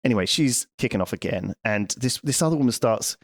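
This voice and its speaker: A man's voice: mid-range voice, lively intonation, brisk, no room sound, studio quality. A man in casual podcast chat, telling a long story with rambling restarts, swearing and laughter. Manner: rambling, swears freely, laughs through anecdotes. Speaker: podcast co-host.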